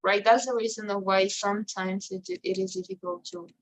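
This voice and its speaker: A woman's voice: mid-range voice, big pitch swings, normal speed, vocal fry, low-quality recording. A woman who is a native Spanish speaker teaching an English grammar lesson, explaining step by step and checking "right?" after nearly every phrase.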